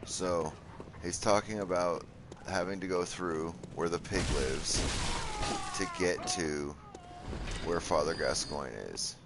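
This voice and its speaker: A man's voice: low-pitched, steady tone, takes it slowly, background noise. A man casually commenting on his gameplay, joking, swearing and talking to the enemies on screen. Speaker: gameplay streamer. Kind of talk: casual let's-play commentary.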